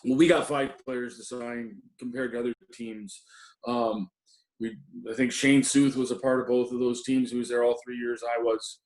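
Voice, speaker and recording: A man's voice: medium pitch, little pitch movement, moderate pace. A middle-aged man, a former assistant hockey coach, reminiscing in an interview with many ums and restarts. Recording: roomy echo.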